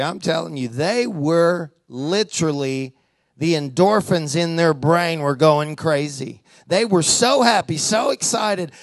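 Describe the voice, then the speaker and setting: An animated male preacher tells a story in a chatty, conversational way and keeps drawing the crowd in with questions. His voice sits high for a man. The recording is dry and close, with no room echo. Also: creaky. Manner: animated, conversational, lots of call-and-response. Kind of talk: storytelling sermon.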